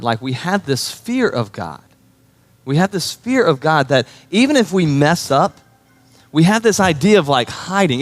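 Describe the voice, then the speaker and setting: A man's voice: a little high, fairly bright tone. A man preaching a sermon as pastor, telling stories in a conversational way and often checking in with his listeners. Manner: conversational storytelling, checks in with the audience.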